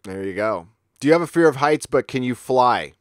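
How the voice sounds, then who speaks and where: A middle-aged man from San Diego, chatting casually as a livestream host and telling rambling, profane stories that jump into sudden high-pitched bursts. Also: expressive, normal speed, no echo, clean studio sound. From San Diego, California. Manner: laid-back, profane storytelling with sudden high-pitched outbursts.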